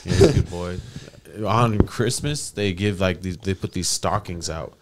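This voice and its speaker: A man's voice: low-pitched, normal speed, very noisy. A man, a comedian guest, in laid-back podcast banter, often laughing and saying "man".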